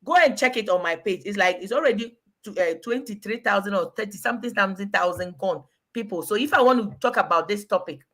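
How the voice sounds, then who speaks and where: A woman's voice: mid-range voice, fast, fairly bright tone. A woman in her forties with a Ghanaian accent, a guest talking casually and animatedly on a live video call, laughing often and slipping into pidgin. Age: 40s.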